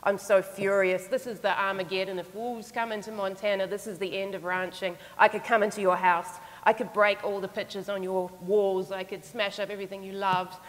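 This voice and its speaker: A man's voice: high voice, flat delivery, brisk, few pauses, a bit bright. A furious rancher man rants about threats to his livelihood, as a woman speaker quotes him. He sounds heated and agitated, and the talk is recorded in a hall with a long echo. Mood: angry. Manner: furious ranting. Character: angry rancher man ranting about wolves.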